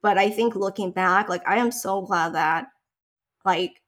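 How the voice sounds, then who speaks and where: A woman's voice: mid-range voice, moderate pace, a bit bright. A young woman in casual chat, sharing a personal story in a talkative, emotional way, with many fillers. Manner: chatty, emotional, tearful at times.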